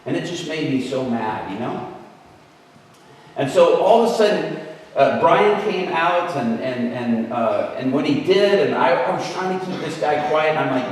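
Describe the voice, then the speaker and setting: Man preaching in a booming echoey hall. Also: normal speed. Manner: conversational, animated retelling. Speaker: guest preacher. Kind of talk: storytelling sermon. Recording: echoey hall, distant mic, faint noise.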